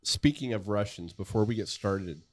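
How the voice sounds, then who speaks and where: A man's voice: lowish voice, moderate pace, slight background noise. A middle-aged man hosting a podcast in a studio, talking casually with frequent chuckles. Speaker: podcast host, physician.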